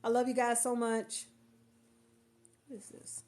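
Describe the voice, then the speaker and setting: A woman coach talks casually to her livestream viewers from a couch at home, her voice pitched a little high. She rambles warmly, doubles back and repeats herself. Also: monotone, a little slow. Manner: chatty, affectionate, rambling with repeats. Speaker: coach and marketer.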